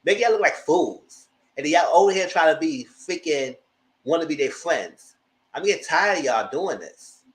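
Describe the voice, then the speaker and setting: A man giving blunt, profane live commentary on reality TV episodes, acting out cast members' lines in high voices. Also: expressive, moderate pace, reverberant, rough recording. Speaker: reality TV reviewer. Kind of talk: live casual recap commentary.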